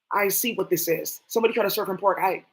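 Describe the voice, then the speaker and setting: A woman hosting a tarot stream, talking in a blunt, profane, animated rant, often talking to herself. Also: mid-range voice, fairly quick, noisy background. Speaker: tarot livestream host. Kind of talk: casual ranting monologue.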